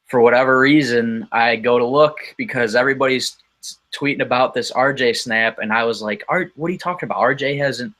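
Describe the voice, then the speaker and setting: A man's voice: medium pitch, sharp tone. A man talking as a guest on a podcast, telling a casual story in a rambling way with frequent ums and restarts.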